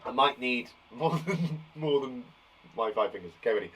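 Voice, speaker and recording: A man with a British accent teaching a phonics lesson to young children, sounding out words slowly and encouraging them. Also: medium pitch, animated, a bit bright, a little hiss or hum.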